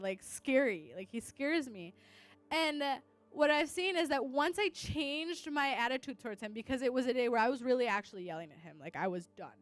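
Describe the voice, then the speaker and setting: Chatty young woman sharing a testimony. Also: high-pitched. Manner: chatty, full of "like" fillers, drops in Spanish words. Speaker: teacher giving a testimony. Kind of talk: casual testimony to an audience.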